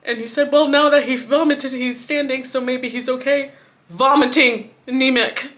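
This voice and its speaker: A woman vlogger telling a personal story in grief, swinging between hushed words and a raised voice. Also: high-pitched, steady tone, normal speed.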